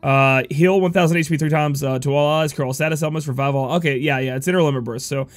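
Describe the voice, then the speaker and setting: A man's voice: on the high side, fairly even intonation, fast talker, no room sound, soft background music. A young man with a sniffly cold, casually reviewing a mobile game, rambling with lots of fillers as he reads out ability text. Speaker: gaming YouTuber.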